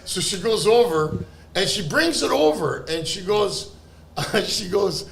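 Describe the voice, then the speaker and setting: A man, a guest comedian on a podcast, telling animated comedy stories, laughing through them and shouting exaggerated impressions. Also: sits high, measured pace, gravelly, slight background noise. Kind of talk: storytelling comedy anecdotes. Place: podcast studio.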